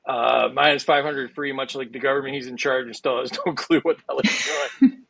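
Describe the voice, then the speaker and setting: This male host talks through his stream with a heavily gravelly, fry-filled voice that sounds bright and forceful. The mic is close and dry, with no room sound. He jokes loosely and fills the gaps with uhs and ums. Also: mid-range voice, brisk, no echo. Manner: jokey, rambling with many fillers. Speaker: game show host. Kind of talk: casual game show hosting.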